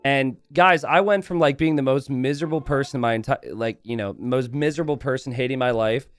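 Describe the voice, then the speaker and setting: A man's voice: medium pitch, fairly quick, no echo. A man from the United States hosting game commentary, breaking off into a rambling, casual story told with lots of animation. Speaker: game caster and host.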